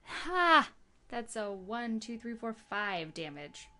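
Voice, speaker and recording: A woman's voice: a little high, very animated, slow pace, pushed and bright. A woman playing a tabletop game, upbeat and counting her dice aloud. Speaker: player. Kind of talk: casual tabletop play.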